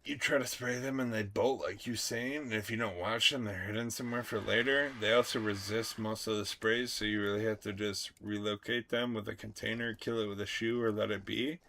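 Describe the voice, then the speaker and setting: A young man streaming, talking to his chat in an excitable, profane rant. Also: lowish voice, fairly quick, vocal fry, few pauses. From United States. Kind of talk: casual livestream chat.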